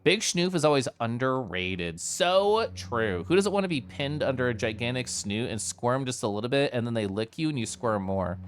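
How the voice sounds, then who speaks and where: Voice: medium pitch, animated, brisk, hardly any pauses, slight background noise. A streamer casually chatting with viewers while playing a game, giggly and playful. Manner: giggly, playful, talking to chat. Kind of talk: casual live-stream gameplay chat. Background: faint game music.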